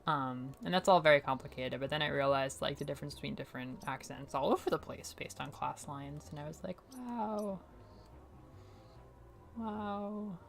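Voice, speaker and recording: A woman's voice: a bass voice, fast talker, vocal fry, few pauses. A young woman from New England, casually chatting and rambling with lots of fillers and laughter while streaming a game. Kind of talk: casual gameplay commentary.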